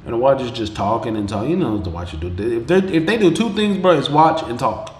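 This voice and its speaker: Male podcast host, mid-pitched, slangy and profane recap delivery, echoey room. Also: fast talker. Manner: slangy, profane, animated retelling with quoted voices. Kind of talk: casual episode recap. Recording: roomy echo with faint background ambience.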